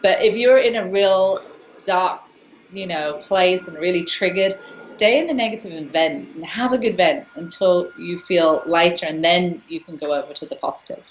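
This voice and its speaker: A woman's voice: on the low side, moderate pace, slight background noise. Woman coach on roomy, dull call audio. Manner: earnest, explanatory, with restarts. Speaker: tapping coach, guest. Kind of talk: explaining a technique in conversation.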